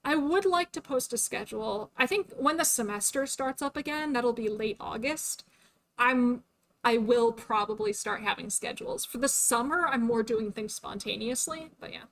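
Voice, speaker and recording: Her voice a little high and slightly bright, a young adult VTuber talks at a moderate pace during a casual stream. She's chatty, filling gaps and laughing often, while her voice begins to tire.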